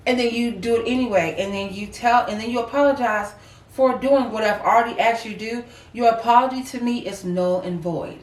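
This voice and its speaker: A woman's voice: fairly high pitch, normal speed. Woman co-host, emphatic, repeats for weight, roomy distant mic sound. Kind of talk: casual heartfelt chat.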